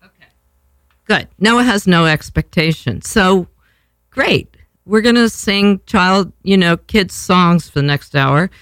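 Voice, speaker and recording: A woman's voice: fairly low pitch, takes it slowly, fairly bright tone, dry recording. A woman, hosting a casual talk show in a brash, rambling way, swearing freely. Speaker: podcast host.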